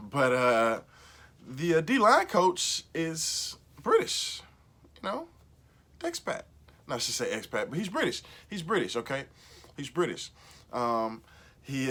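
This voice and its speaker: A man hosting a solo football recap, casual and animated, with lots of fillers and repeated phrases. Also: fairly low pitch. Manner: animated, talks loosely with many fillers and repeats. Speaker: sports podcast host.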